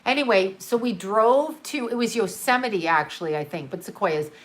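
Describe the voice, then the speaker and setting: A woman's voice: medium pitch, expressive, moderate pace. A middle-aged woman hosting a livestream, telling family camping stories in a chatty, profane way, laughing as she talks. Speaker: psychic livestream host. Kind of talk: casual livestream storytelling.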